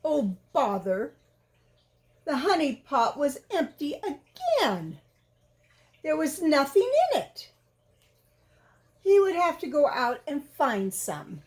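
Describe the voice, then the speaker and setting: Slow, sing-song woman reading a storybook. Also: sits high. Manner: animated, asks the listener questions. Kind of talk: children's storybook read-aloud.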